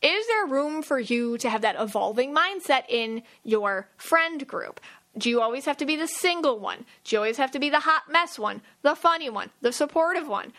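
A woman in her thirties co-hosting a podcast, chatting casually and telling stories with animated quoted asides. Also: high voice, moderate pace. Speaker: podcast co-host. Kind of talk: casual chat.

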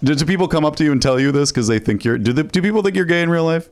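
A man co-hosting a podcast, asking earnest deadpan questions in casual chat. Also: fairly high pitch, rapid-fire. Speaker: podcast co-host.

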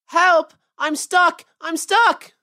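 A woman's voice: a little high, normal speed, lightly acted. A woman voicing a timid young boy rabbit with a whiny, anxious voice in a storybook. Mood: panicked.

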